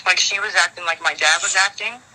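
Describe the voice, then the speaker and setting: A woman's voice: fairly low pitch, fairly even intonation, a little fast, pushed and bright. A woman on a phone call, talking frankly and rambling with worry, swearing often. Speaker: caller in a leaked phone call. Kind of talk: casual phone chat.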